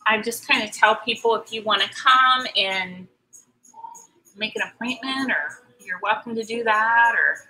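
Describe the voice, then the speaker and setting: A woman's voice: fairly high pitch, measured pace, pushed and bright, low-quality recording. A middle-aged woman chatting casually while she paints, answering viewer comments in a rambling way with many ums and restarts. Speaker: artist hosting a live painting stream.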